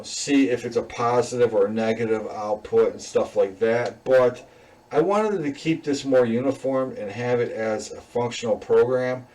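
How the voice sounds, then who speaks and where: In a relaxed screen recording, a man talks through the code for his class programming assignment, wandering along with fillers and little chuckles. His voice is mid-range and a little mellow, captured on a distant mic in rough quality.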